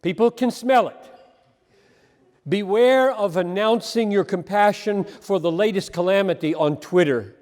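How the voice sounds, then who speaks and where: High-voiced impassioned male preacher. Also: unhurried, long reverb tail. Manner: impassioned, emphatic, shifting between loud and quiet. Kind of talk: sermon.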